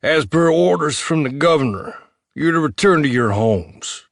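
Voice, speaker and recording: A man's voice: a little high, animated, moderate pace, creaky, no room sound, clean studio sound, voice pushed up. A man doing a drawling, menacing cop. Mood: commanding. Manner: drawling, movie-style commanding tone. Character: swaggering menacing male police officer.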